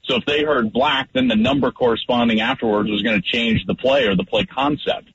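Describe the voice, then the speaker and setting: A man, a former quarterback, talking football on a radio show and acting out his line calls with big jumps in pitch. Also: fairly quick, dull audio. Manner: lively, acts out line calls loudly. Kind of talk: animated sports talk.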